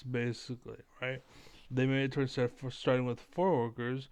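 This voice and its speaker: A man's voice: mid-range voice, little pitch movement, moderate pace, a little mellow, smooth. A man ranting casually on his stream, rambling and profane, with lots of filler words.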